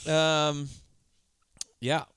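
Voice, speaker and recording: A man's voice: a little high, level tone, extremely slow, fairly bright tone, smooth, no echo, studio quality. A man co-hosting a casual movie podcast, sarcastically retelling scenes in mock voices. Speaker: podcast co-host. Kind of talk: casual movie-review chat.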